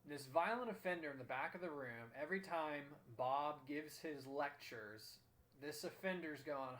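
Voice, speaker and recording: A man's voice: a little high, moderate pace, fairly bright tone. A young man hosting a motivational talk, telling a story in an earnest, emphatic way. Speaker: host.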